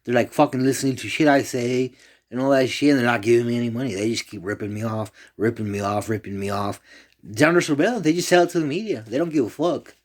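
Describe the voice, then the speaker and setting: A man's voice: medium pitch, fast talker. A man rambling in a loose, profane monologue, jumping from one complaint to the next.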